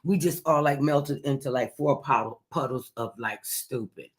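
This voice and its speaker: A man telling a childhood story in a relaxed chat, lively and at times dropping into a hush. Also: mid-range voice, normal speed, hardly any pauses. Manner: animated storyteller, drops into a hush at times, Southern-tinged vernacular.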